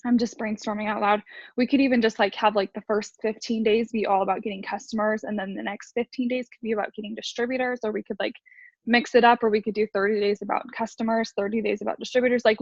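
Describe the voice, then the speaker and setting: A woman talks quickly on a video call, tumbling through her ideas with plenty of fillers as she shares sales tips with her team. The sound is dull and muffled, with no room around it. Her voice sits at a middling pitch. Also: dry recording. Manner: rambling, fast, filler-heavy. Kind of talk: casual video call talk.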